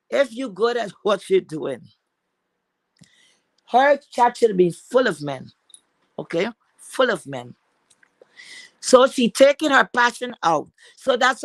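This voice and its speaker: A woman's voice: on the high side, a bit bright, dry recording. A woman from Trinidad, ranting profanely and emphatically as a guest on a casual live chat. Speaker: livestream guest.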